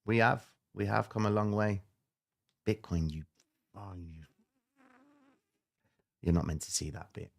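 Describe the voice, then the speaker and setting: A man's voice: on the low side, a little slow, vocal fry, long pauses. A man hosting a trading livestream, talking casually and emphatically to his viewers with slangy asides.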